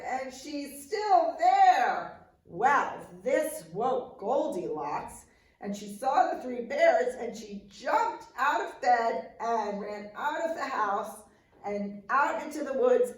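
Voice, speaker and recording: A woman librarian telling a bedtime story to children in a slow, gentle and expressive way, heard from a distant mic in a roomy space. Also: on the high side.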